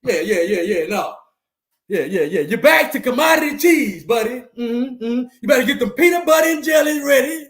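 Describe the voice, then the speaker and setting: A man hosting a live sports stream, loudly gloating and trash-talking, repeating his jabs and breaking into laughs and whoops. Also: very high voice, animated, moderate pace, roomy sound.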